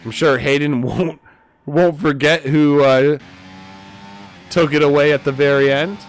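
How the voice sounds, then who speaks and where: A man giving live commentary on a sim race, a bit tipsy, swinging from low mutters to loud excited calls. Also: measured pace.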